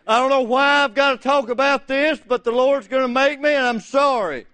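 A middle-aged man preaching a folksy, fervent sermon in a church, rising to shouts. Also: very high-pitched, normal speed, clean tone. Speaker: visiting preacher.

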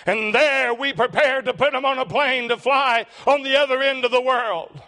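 An older man, preaching a sermon and telling a heartfelt story, slowing down for emphasis. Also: very high-pitched, pushed and bright. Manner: emotional, slows for emphasis.

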